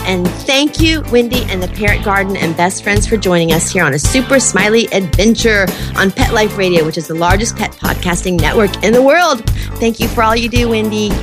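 A woman's voice: mid-range voice, lively intonation, fairly quick, over music. A woman hosting a pet podcast interview, bubbly and gushing, with plenty of exclamations. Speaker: podcast host. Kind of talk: casual interview.

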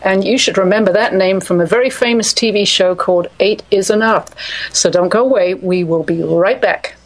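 A woman's voice: medium pitch, normal speed, poor audio. A woman hosting a pet radio show, chatting casually and teasing her guests. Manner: playful, teasing.

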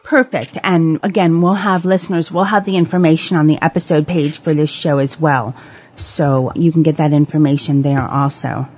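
A woman's voice: low voice, steady tone, darkish tone, husky. A woman with an English accent hosting a podcast interview, upbeat and encouraging with her guest. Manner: upbeat, encouraging, drawn-out phrasing. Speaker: podcast host.

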